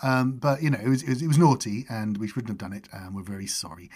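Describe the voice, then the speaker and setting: A middle-aged man, chatting casually and telling lively anecdotes as a podcast host. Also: quick pace, breathy edge. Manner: animated anecdotes with high-pitched character voices. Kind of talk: casual storytelling chat.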